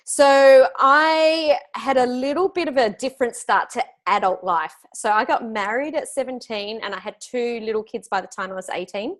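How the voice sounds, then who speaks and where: An Australian woman in her forties talks as an interview guest, upbeat and animated. Her voice sits a little on the high side. She coaches business owners and tells stories easily. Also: moderate pace, few pauses. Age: 40s. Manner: upbeat, animated storytelling with frequent laughs. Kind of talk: conversational interview.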